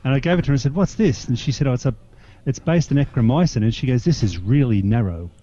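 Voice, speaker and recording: A nasal older man with an Australian accent talks in a mellow, relaxed voice, often stumbling over his first words. The sound is dull and lo-fi, like a remote call. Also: mid-range voice, fast talker. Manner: chatty, repeats words at starts. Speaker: panel guest. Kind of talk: casual chat.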